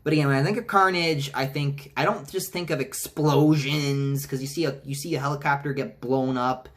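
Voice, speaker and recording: A man giving a casual trailer reaction, rambling with many restarts and some swearing, and mocking lines in high-pitched voices. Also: steady tone, normal speed, a bit bright. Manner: rambling, frequent restarts and profanity. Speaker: movie reviewer.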